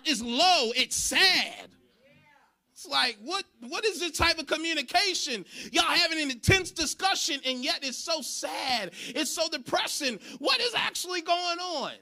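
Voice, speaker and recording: High bright preaching man. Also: measured pace. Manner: animated, preaching with shouted emphasis and laughs. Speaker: pastor. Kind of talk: sermon. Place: church.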